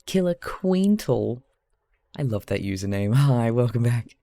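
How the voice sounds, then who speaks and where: A man's voice: medium pitch, sing-song, measured pace, gravelly, warm tone, dry recording. An Australian man who streams live, talking casually and chattily to his chat while he crafts, rambling a little, laughing often and swearing freely.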